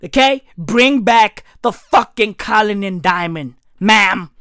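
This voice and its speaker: A young adult woman from South Africa with a South African accent, delivering a loud, profane comedic rant, often shouting. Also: medium pitch, expressive, takes it slowly, dry recording, studio quality.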